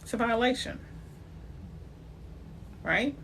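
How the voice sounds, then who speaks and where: A woman's voice: on the high side, animated, slow, fairly bright tone, slight background noise. A woman realtor talking live to viewers about credit in a chatty, direct way, greeting them by name as she goes. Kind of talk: live-stream talk on building credit.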